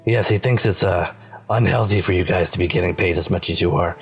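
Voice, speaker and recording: A man's voice: low voice, fairly quick, vocal fry, lo-fi sound, faint music behind. A man playing a tabletop role-playing game, laid-back and prone to chuckling as he plans. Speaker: player.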